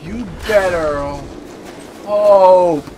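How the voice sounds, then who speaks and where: A man's voice: high voice, drawn-out words, dark tone, a little hiss or hum. A man giving profane, frustrated commentary while playing a game. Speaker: gaming channel host. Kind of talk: gameplay commentary. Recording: game music behind the voice.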